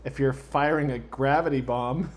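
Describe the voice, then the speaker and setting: A man running a tabletop role-playing game, easygoing and quick to laugh. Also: medium pitch, steady tone. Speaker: game master.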